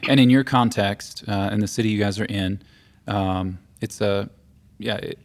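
Man, host, low pitch, gravelly, hesitant conversational delivery. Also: moderate pace. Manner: hesitant, many fillers and restarts. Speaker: podcast host. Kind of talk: casual conversation.

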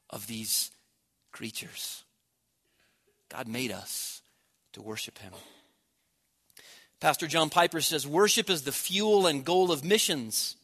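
A man preaching a sermon, swelling loud on key words and dropping to a near hush at the ends of phrases. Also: fairly high pitch.

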